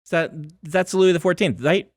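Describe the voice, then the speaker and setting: A man co-hosting a podcast in casual chat, asking curious questions and gently teasing his partner. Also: high voice, normal speed, no echo, studio quality. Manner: curious, asks lots of questions, playful teasing. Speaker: podcast co-host.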